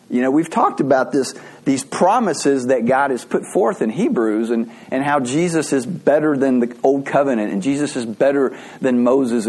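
A man's voice: medium pitch, a little mellow. A middle-aged man preaching a sermon as a pastor, telling stories in a loose, conversational way with frequent restarts. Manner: conversational storytelling with repeated restarts.

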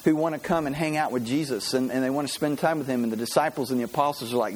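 A man preaching a sermon, telling stories with animated energy and acting out the voices. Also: mid-range voice, fast talker, hardly any pauses, slight background noise, poor audio. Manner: animated storytelling, acts out voices. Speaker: pastor.

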